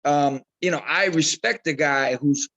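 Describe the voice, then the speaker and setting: A man, a boxing trainer, telling animated stories in a casual interview and repeating himself as he goes. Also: on the high side, unhurried, low-quality recording. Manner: animated storyteller, repeats himself, acts out quotes.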